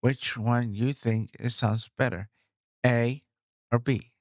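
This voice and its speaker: Slow-talking excited man in a dry room. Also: mid-range voice, no echo. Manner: excited, repetitive, talks straight to viewers. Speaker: streamer reviewing his gear. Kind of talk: casual vlog chat. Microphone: studio microphone, swapped between two.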